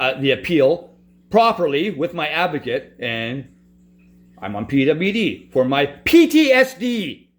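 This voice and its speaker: A man with a noticeably high voice rants in frustration. He swears constantly and keeps breaking off and restarting his sentences as he tells his own story. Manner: profane, frustrated, restarts often. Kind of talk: angry personal rant.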